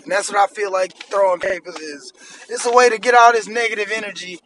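A man's voice: high voice, fairly even intonation, fast, bright, forceful tone, slight background noise, poor audio. A man in his thirties hosting a podcast, ranting bluntly and profanely in an annoyed tone. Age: 30s. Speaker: podcast host. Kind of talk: solo podcast rant.

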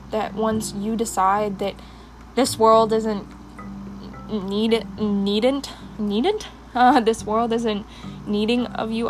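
A woman's voice: a little high, rough recording. A young woman hosting a personal podcast, talking with passion and rambling with many fillers while doing her makeup. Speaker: podcast host.

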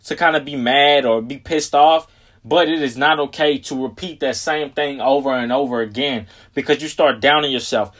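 A young man hosting his own podcast, talking casually and rambling, swearing often and slowing right down to stress key phrases. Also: fairly high pitch. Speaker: podcast host. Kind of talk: casual solo podcast talk.

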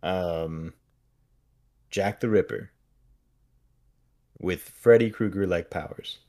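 A man's voice: deep voice, slow pace, dark tone. A man co-hosting a podcast in casual chat, giving wry, critical commentary. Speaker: podcast co-host.

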